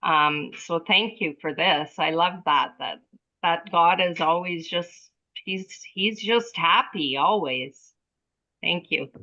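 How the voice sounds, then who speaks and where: Woman, slow talker, bright tense tone, animated story, dull call sound. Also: fairly low pitch. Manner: animated storytelling, acts out quoted thoughts. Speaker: group participant. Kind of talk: casual spiritual sharing. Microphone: video call.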